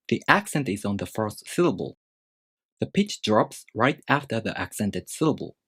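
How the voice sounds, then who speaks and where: A male teacher explains a lesson in a deliberate, scripted manner. His voice sits fairly low but swoops widely up and down as he demonstrates examples. The sound is dry and close, with no room echo. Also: big pitch swings, husky. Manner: deliberate, with spoken pitch demonstrations. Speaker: language teacher.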